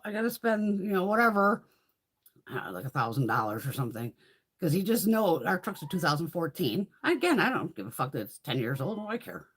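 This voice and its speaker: A husky-voiced woman rambles through a live beauty room tour. She curses bluntly at every turn and often breaks into laughter, and her pitch swings widely as she talks. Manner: swears constantly, blunt and animated; laughs often while talking. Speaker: beauty vlogger hosting a live stream. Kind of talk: casual chat during a live room tour.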